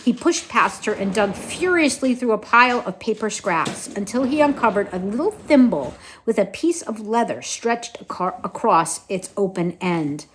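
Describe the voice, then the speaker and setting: A woman reading a children's storybook aloud to her kids in an expressive way. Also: mid-range voice, normal speed, hardly any pauses, slight background noise.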